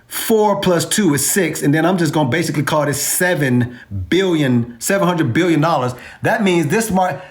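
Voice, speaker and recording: A man hosting a crypto video, giving emphatic, slangy market commentary. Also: fairly high pitch. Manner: animated, emphatic, streetwise slang.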